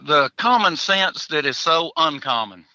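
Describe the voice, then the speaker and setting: A man's voice: on the high side, expressive, unhurried, pushed and bright, no echo, lo-fi sound. A man, a hunter chatting as a podcast guest in a folksy, joking way, chuckling between answers. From Tennessee, USA. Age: 40s. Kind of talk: casual podcast interview.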